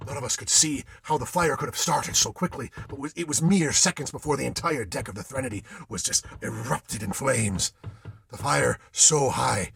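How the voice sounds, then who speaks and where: A man's voice: mid-range voice, normal speed, vocal fry, fairly bright tone, breathy edge, no room sound. A man telling a ghost story dramatically, in the voice of an old-time sailor recounting his tale. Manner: old-time sailor's speech, theatrical delivery.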